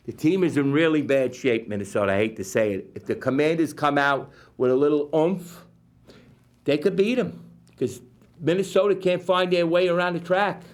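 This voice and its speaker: Man, New York accent, local TV host, high bright voice, rambling and excitable, faint music behind. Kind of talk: live local-TV sports picks. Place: community TV studio.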